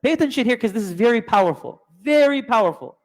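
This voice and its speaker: High-voiced man teaching in a hall. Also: animated, fast talker. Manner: asks many rhetorical questions, dramatic storyteller; mixes in Arabic terms. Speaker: Islamic teacher. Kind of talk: storytelling religious lesson. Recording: long hall reverb.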